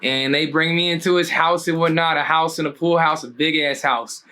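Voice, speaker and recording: A man from Harrisburg, Pennsylvania, a clothing designer telling stories as a guest in a casual interview, slangy and animated, jumping his pitch up to act out quotes. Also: moderate pace.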